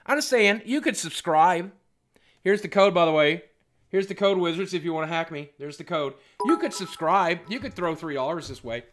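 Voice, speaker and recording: Middle-aged guy streaming live, high voice bouncing all over, goofy teasing chat. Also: animated, moderate pace. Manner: joking, teasing, shifts loud and quiet. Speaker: livestreamer.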